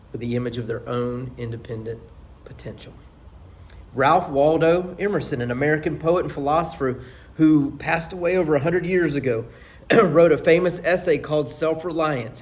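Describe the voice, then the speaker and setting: A male pastor delivering a sermon, reading scripture with rising force and dropping to near whispers for emphasis. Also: mid-range voice. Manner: emphatic preaching that rises for scripture quotes and drops to near whispers.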